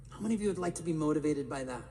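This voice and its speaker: A man giving an energetic live talk to an audience in a large hall, firing rhetorical questions at the crowd. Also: a little high, racing. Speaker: motivational speaker. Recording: reverberant live hall, faint room noise.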